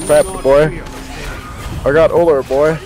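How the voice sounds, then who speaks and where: A man's voice: fairly high pitch, level tone, takes it slowly, mellow, faint music behind, poor audio. A man playing an online game with a friend, crude and bragging about his damage, calling his friend "boy" over and over. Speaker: gamer co-streaming a match. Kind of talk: casual gaming banter.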